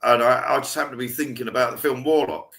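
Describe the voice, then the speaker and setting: A man talks in loose, rambling conversation as a podcast co-host. His tone is bright and forceful. He often restarts his sentences. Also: medium pitch, fairly even intonation, fast. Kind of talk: casual chat.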